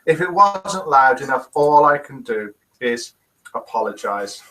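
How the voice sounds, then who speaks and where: Chatty older host with a bright voice. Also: male voice, mid-range voice, animated, measured pace, rough recording. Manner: chatty, reads viewers' messages aloud. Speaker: host of a live daily quiz and chat show. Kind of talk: live webcast hosting, reading out comments. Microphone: desk microphone.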